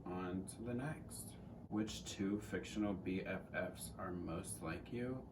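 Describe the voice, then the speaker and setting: Joking teen guy, low voice. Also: slow, far from the mic, background noise. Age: teens. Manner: rambling, joking, profane. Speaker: co-host. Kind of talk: casual Q&A chat.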